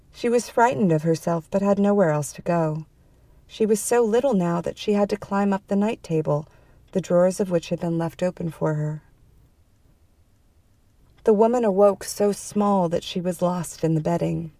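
A woman reads a dark fantasy story in a measured, even narration. Her voice is lowish and mellow. The recording is dry and close. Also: dry recording.

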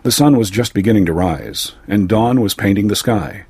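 A man reading a fantasy story aloud in a measured, even way. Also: lowish voice, husky, no room sound. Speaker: narrator. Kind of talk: scripted story narration.

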